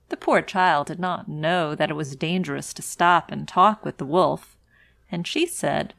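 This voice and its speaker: A woman storyteller reads a classic fairy tale slowly and deliberately for English learners. Her voice sits somewhat low for a woman, and the recording is dry and close. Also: creaky, fairly bright tone, dry recording.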